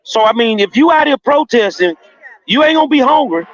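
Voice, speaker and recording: A man talking casually and emphatically by phone from a street protest, slangy and quick to laugh. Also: very high-pitched, expressive, a bit bright. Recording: dull lo-fi phone line, dry.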